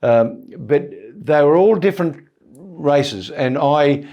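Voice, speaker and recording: A man's voice: a little high, expressive, slow, warm tone, lo-fi sound. An older Australian man in his seventies chats as a guest, wandering from tangent to tangent. He tells his stories in a loose, laid-back way and chuckles along as he goes. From born in England, raised in Australia. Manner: rambling, anecdotal, chuckling storyteller. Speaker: comedian guest. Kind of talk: casual interview chat.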